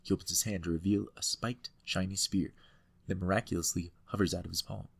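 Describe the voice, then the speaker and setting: A man's voice: low-pitched, fairly quick, creaky. Playful man narrating a game. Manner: playful and animated, hamming up the game text. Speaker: let's-play host. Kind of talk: game commentary and reading game text aloud.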